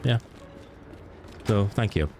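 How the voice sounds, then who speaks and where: Against some background noise, a young man from Wales talks slowly in a lowish voice while streaming a game. He's chatty, laughs readily, and replies to viewers by their names in a relaxed live-stream chat.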